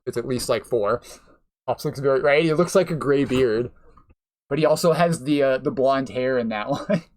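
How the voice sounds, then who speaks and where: A man's voice: mid-range voice, moderate pace. A man streaming a platform game live, talking casually, cursing at his mistakes, laughing, and thanking viewers by name. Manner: chatty, swears, laughs often, thanks viewers. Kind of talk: live gameplay commentary.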